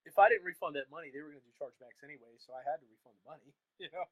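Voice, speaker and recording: On a video call with poor audio, a chatbot course creator appears as a guest in a casual interview. His voice is fairly high and fairly bright, and he tells stories rapidly and candidly, laughing often.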